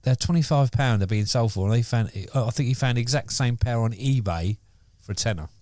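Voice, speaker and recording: A man's voice: mid-range voice, a little fast, mellow. A man co-hosting a casual podcast, rambling with many fillers and restarts. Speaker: podcast co-host. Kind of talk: casual chat.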